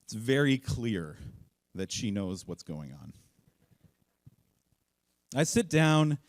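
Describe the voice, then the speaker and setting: A man telling a funny personal story on stage at a live event, self-mocking and acting out the voices in it. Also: slow pace. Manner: animated, self-mocking, acts out voices with big jumps in pitch.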